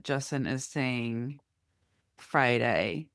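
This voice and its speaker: A middle-aged woman co-hosting a podcast, telling a long story in a lively, chatty way. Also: extremely low pitch, extremely slow, dry recording, clean studio sound. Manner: lively storytelling, acts out quoted neighbors. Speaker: podcast co-host. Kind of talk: casual chat.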